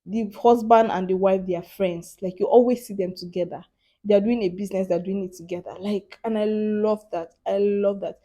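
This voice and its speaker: A woman's voice: mid-range voice, normal speed. A young woman, chatting animatedly in a casual vlog, laughing often and filling her talk with "like". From Africa. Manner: animated, laughing, lots of "like" fillers. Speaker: vlogger.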